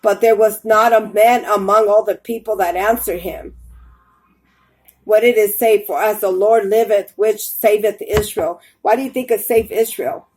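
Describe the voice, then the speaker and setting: A woman's voice: mid-range voice, fairly even intonation, normal speed, darkish tone, poor audio. A woman preaching fervently from a Bible reading, urging her listeners with repeated warnings. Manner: fervent, urgent, repetitive warnings.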